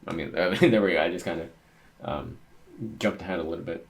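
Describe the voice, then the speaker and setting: Low-voiced guy reacting to a manga chapter. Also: fairly quick. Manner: excitable, reads panels aloud, thinks out loud. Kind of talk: casual reading and reacting.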